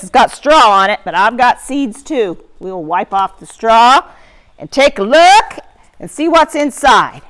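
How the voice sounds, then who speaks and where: Animated sing-song woman teaching kids. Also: high-pitched. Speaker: farm teacher for children. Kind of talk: children's lesson. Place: barn.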